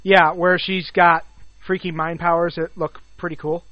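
A man co-hosting a podcast, easygoing and quick to laugh in casual chat. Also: a little high, level tone, no echo. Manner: chatty, giggly, laid-back. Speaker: podcast co-host. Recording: dull lo-fi sound.

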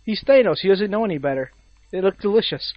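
A man co-hosting a casual chat who drops in dry, joking remarks. His voice is fairly high for a man. The recording is dull and lo-fi, with no echo at all. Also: expressive, quick pace. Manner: wry, joking asides.

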